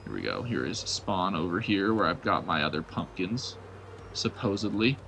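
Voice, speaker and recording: A man's voice: deep voice, big pitch swings, normal speed, gravelly, a bit bright, soft background music. A young man streaming live gameplay, chatting playfully with his viewers and mocking his own blunders. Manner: playful, self-mocking, talks to chat.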